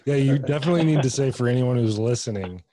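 A man's voice: medium pitch, quick pace, a crowd in the background. A man co-hosting a podcast, joking and teasing in a playful way. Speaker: podcast co-host. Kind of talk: joking banter.

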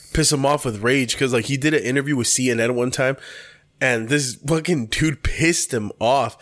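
Swearing, laughing podcast bro. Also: male voice, mid-range voice. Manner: swears a lot, laughs often. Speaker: podcast co-host. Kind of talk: casual chat.

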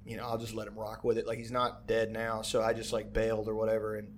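A man's voice: on the low side, monotone, fast talker, a little hiss or hum. A man telling a rambling, profane story in casual chat, acting out his own quotes along the way.

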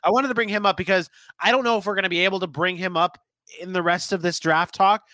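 A man's voice: high-pitched, steady tone, quick pace, pushed and bright, no room sound. A man co-hosting a casual sports podcast, chatty and thinking aloud with frequent restarts.

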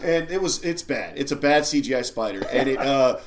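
A man's voice: mid-range voice, brisk, a crowd in the background. A man on a podcast panel retelling a bad movie with profanity, laughter and mocking put-on voices. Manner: animated, acts out scenes in mocking voices, swears and laughs. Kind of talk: casual movie review chat.

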